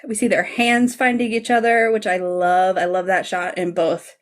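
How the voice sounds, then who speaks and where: A woman's voice: mid-range voice, flat delivery, normal speed. A woman co-hosting a podcast, gushing through a casual scene-by-scene recap and saying "like" a lot. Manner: enthusiastic, gushing, says "like" often. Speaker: podcast co-host.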